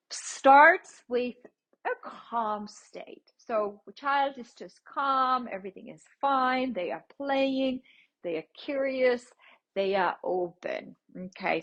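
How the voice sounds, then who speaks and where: Woman parenting coach on a podcast, slow and patient, kinda breathy husky voice. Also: medium pitch. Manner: gentle, teacherly, checks in with "okay?". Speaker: parenting podcast host, licensed clinical social worker. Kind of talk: instructive podcast talk.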